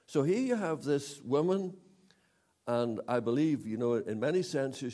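Before an evening audience in a meeting hall, a man preaches emphatically, repeating key words and posing rhetorical questions. His medium-pitched, mellow voice is expressive and moves at normal speed.

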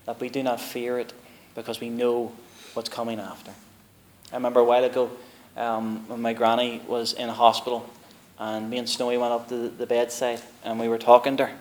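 A man's voice: medium pitch, completely flat delivery, fairly quick. A man preaching a sermon in a church. He talks conversationally, reads King James scripture aloud, and builds up to emphatic, rising declarations.

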